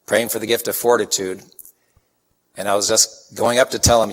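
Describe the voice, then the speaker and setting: A man's voice: fairly low pitch, normal speed. A man from Chicago giving a sermon, telling folksy stories and acting out the people in them. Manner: folksy, animated anecdotes with acted-out quotes. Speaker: preacher. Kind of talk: sermon with storytelling. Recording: long hall reverb.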